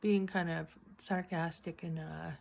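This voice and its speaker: A middle-aged woman vlogs casually to her camera in an unhurried way, retelling a funny workday with lively acted-out quotes. Her voice is a bit low for a woman, and she clears her throat often.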